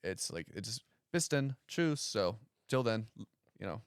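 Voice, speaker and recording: A man's voice: lowish voice, unhurried, smooth, dry recording. A man in his thirties, a stand-up comedian from the United States, chatting on a podcast with dry, self-mocking humor and acting out other people's voices as he tells stories. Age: 30s. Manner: animated storyteller who acts out other people's voices. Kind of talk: casual podcast chat.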